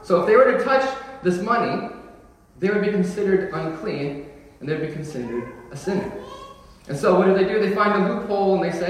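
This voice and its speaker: A man's voice: high voice, animated, fairly quick, far from the mic. Young man preaching in an echoey hall. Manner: casual, joking, builds to emphatic declarations. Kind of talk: sermon.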